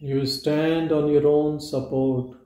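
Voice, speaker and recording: A man giving a meditative spiritual talk at a live gathering, in slow, measured short statements with long pauses. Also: a little high, flat delivery, mellow. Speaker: spiritual teacher. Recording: roomy echo.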